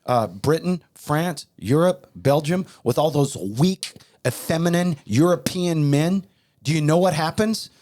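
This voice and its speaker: Guy preaching hard on a podcast, kinda high voice, keeps hammering the same points. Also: animated, a little slow, a little mellow. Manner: emphatic, repetitive, heated. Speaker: podcast host. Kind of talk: fiery preaching talk.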